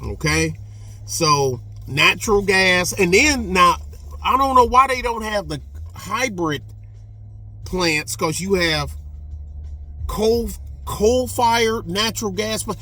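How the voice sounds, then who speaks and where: A middle-aged man with a drawl talks in a high, lifted register and takes his time. His folksy, rambling commentary keeps wandering onto side tangents. Soft music plays faintly under him. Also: lively intonation, takes it slowly. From Texas. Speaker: channel host. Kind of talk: casual commentary.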